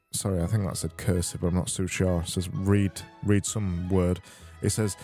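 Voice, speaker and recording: A man hosting a comedy podcast, reading out listener messages in a deadpan, rambling, self-mocking way, with faint music behind. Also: sits low, normal speed. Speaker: podcast host.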